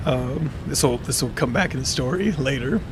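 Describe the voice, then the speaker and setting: A man's voice: mid-range voice, moderate pace, noisy background. A young man streaming a game, telling a long story in a rambling, casual way with many fillers and restarts. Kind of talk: casual storytelling while gaming.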